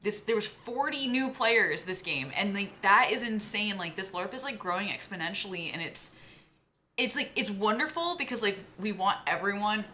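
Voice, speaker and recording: Young woman vlogging, gushy and chatty, says like a lot, bright crisp tone. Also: mid-range voice, expressive, moderate pace, a little hiss or hum. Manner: gushing, heavy use of "like". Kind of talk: casual chat.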